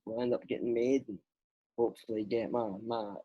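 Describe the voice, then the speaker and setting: A man's voice: medium pitch, steady tone, a little fast, muffled recording. A man with a Scottish accent, a podcast guest and writer, chatting casually and rambling with lots of filler words. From Scotland. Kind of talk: casual chat.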